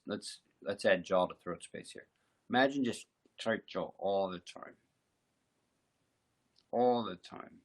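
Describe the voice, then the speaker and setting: A man giving a slow, reflective, conversational mindfulness talk as a meditation teacher. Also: fairly low pitch, creaky, breathy edge.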